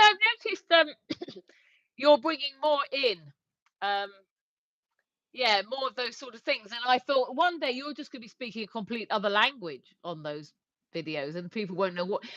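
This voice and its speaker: A woman's voice: on the high side, animated, measured pace, long pauses, fairly bright tone, no room sound, highs cut off. A woman co-hosting a casual livestream, giggling as she reads viewer comments aloud. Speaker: livestream co-host.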